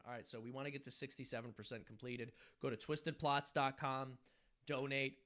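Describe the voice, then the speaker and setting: A man's voice: medium pitch, little pitch movement, a little fast, a bit bright. A man hosting a casual livestream, reading chat aloud and rambling with easy laughs. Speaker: animation studio head hosting a livestream.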